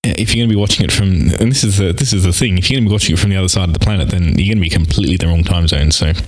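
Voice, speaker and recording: A man with an Australian accent co-hosting a casual tech podcast, enthusiastic and quick to laugh. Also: low-pitched, rough recording. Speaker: podcast co-host.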